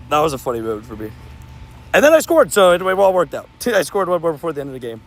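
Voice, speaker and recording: A young man streaming, telling sports stories in a casual, animated way, laughing and repeating himself. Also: high voice, fast. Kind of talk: casual livestream storytelling.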